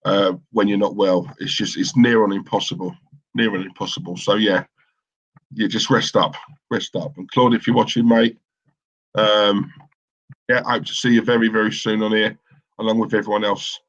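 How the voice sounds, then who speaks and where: A man's voice: fairly low pitch, fairly even intonation, moderate pace, a bit bright, dull audio. Rambling opinionated man on a live stream. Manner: rambling and opinionated, with many fillers and restarts. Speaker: co-host of a live football watchalong stream. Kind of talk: casual live-stream chat, reading out viewer comments.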